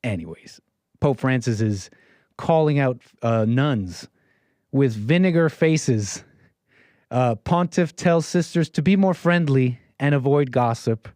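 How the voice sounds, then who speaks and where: A man's voice: medium pitch, lively intonation, takes it slowly, dark tone, no echo, studio quality. A man hosting a call-in livestream show, talking in a brash, rambling way with playful catchphrases. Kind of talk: casual livestream monologue.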